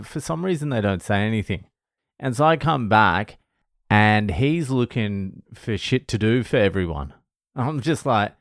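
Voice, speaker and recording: A man's voice: fairly low pitch, no echo, clean studio sound. Sweary man ranting casually. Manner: blunt, sweary, animated ranting with mocking voices. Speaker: vlogger, comedian. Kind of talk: casual profane storytelling vlog.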